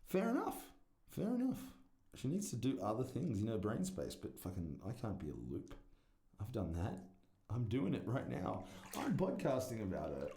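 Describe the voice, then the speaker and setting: A man's voice: fairly low pitch, wildly swooping pitch, normal speed, dark tone. A man, rambling and swearing through a casual solo podcast. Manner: rambling, profane, self-deprecating. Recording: echoey room.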